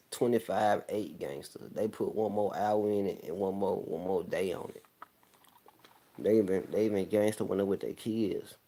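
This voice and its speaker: A young man with a Southern country accent talks in a casual, rambling chat. His voice sits very low with a gravelly fry, and he slurs his words a little as he laughs his way through. The delivery stays loose and easygoing throughout. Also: warm tone. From American South.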